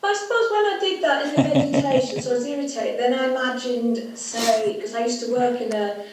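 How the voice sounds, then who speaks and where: A woman's voice: a little high, a loud crowd. A woman with a northern English Cumbrian accent, asking a question frankly on a video call, laughing now and then. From Kendal, Cumbria, England. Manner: frank, laughing, quick when heated. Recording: echoey room, far from the mic, faint background noise.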